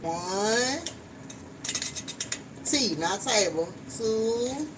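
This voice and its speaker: A woman with a drawl talks frankly and casually, swearing now and then as she cooks in her kitchen. She sounds a little distant from the microphone. A clear layer of background noise runs under her voice. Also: a little high, expressive, extremely slow. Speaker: vlogger. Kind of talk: casual chat while cooking. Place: home kitchen.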